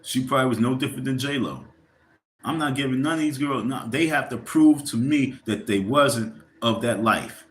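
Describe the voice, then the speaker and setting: A man's voice: mid-range voice, moderate pace, fairly bright tone, roomy sound, slight background noise. A man hosting a livestream, ranting casually and profanely in a rambling, heated way and speaking directly to his viewers. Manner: addresses viewers directly, asks for likes. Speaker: livestream host.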